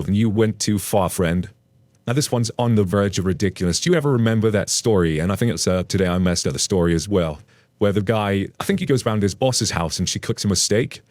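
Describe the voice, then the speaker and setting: A man narrating a story aloud and then chatting casually about it, with an animated, playful storytelling manner. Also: fairly low pitch, no room sound.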